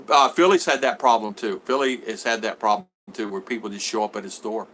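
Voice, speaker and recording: A man's voice: fairly quick, a little hiss or hum. A man chatting on a live stream, answering viewers and acting out conversations as he rambles. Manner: animated, acts out both sides of conversations in a higher voice. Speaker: vlogger answering live chat.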